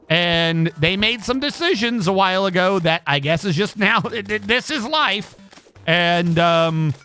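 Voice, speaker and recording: A man with a high, bright voice rants through a casual gaming livestream, swearing constantly and tripping over his words in quick restarts. Soft music plays faintly behind him. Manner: profane, stammering, heated ranting. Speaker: streamer.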